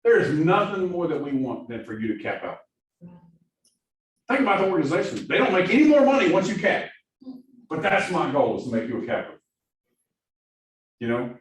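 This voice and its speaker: In an echoey room recorded from afar with faint hiss, a productivity coach from Missouri addresses a class of new agents. His Southern-accented voice is fairly high and a little fast, with frequent pauses, and he energetically peppers his talk with "right?".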